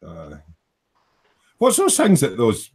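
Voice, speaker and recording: A man's voice: mid-range voice, huge pitch swings, slow, a little mellow, breathy edge. A man hosting a casual live stream from his hobby workshop, reading viewers' comments aloud in a jokey, rambling way and laughing easily. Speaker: livestream host.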